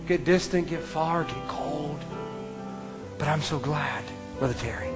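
A man preaching an impassioned sermon, swinging from ringing declarations to hushed near-whispers and repeating his phrases for emphasis. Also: fairly high pitch, unhurried. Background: faint music.

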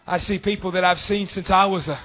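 A man preaching a sermon fervently, with long drawn-out phrases. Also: sits high, steady tone, sharp tone.

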